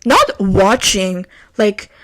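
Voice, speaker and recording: A young woman, hosting her own podcast and telling a story in casual chat, swinging from loud outbursts to hushed asides. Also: medium pitch, huge pitch swings, drawn-out words. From Quebec, Canada. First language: French. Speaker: podcast host.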